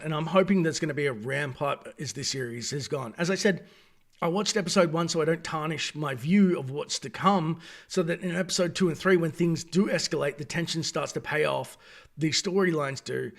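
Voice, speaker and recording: An Australian man giving a casual, opinionated review, talking in an animated, digressive way. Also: a little high, gravelly. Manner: animated, digressive, acts out quoted voices. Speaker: video reviewer.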